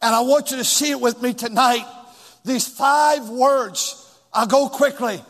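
High-voiced preaching pastor in echoey hall. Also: male voice, unhurried. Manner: preaching with call and response, rising into shouts. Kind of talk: sermon with call-and-response. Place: large church hall with two floors. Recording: long hall reverb.

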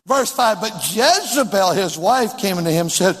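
A male preacher delivers a sermon, reading scripture and hammering home repeated exhortations. His voice sits high and husky. Every line rings out with long church reverb. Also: expressive, moderate pace, hardly any pauses, fairly bright tone. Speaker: pastor.

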